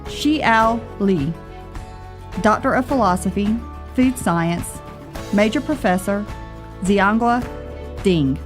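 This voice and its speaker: Woman slowly reading graduate names. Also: medium pitch, music in the background. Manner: slow, measured, formal. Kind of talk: formal name reading.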